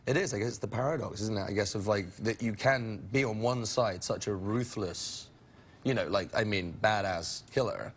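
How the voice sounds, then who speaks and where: A man's voice: fairly low pitch, normal speed. A young man from England, an actor chatting as an interview guest, rambling and self-interrupting with frequent laughs. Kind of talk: casual interview chat.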